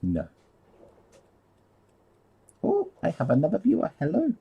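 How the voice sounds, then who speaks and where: A man's voice: fairly low pitch, animated, normal speed, vocal fry, husky, lo-fi sound. A man rambling casually on a live stream while painting, easily sidetracked and laughing at himself.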